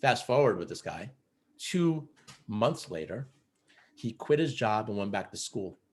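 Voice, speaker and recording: A man with a fairly low voice tells stories from his work coaching men in a relaxed interview. He speaks earnestly and acts out what people said to him, and he leans on fillers like "you know" and "like.". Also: gravelly. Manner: earnest, animated storyteller who acts out quotes. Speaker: guest, men's coach. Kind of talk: casual interview storytelling.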